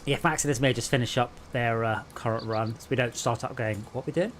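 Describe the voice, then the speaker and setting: A man hosting a casual gaming stream from England, chatting in a rambling, sweary, animated way over a voice call. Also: medium pitch, a little fast, a little hiss or hum. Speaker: streamer host.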